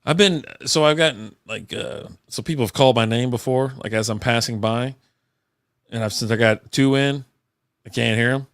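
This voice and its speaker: A man's voice: medium pitch, normal speed, no echo, studio quality. Rambling, profane man podcaster. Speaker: podcast host. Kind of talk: casual chat over beers.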